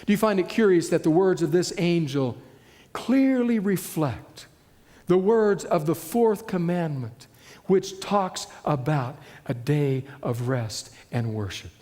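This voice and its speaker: A man preaching a sermon, moving from loud declaration to hushed emphasis. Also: fairly high pitch, lively intonation, slow pace, in a large hall. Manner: dramatic shifts between loud and hushed delivery.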